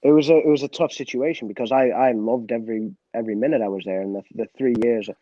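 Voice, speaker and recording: A former footballer being interviewed, telling a story candidly, with many restarts and quoted dialogue. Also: male voice, medium pitch, fast talker, dark tone, no room sound, highs cut off.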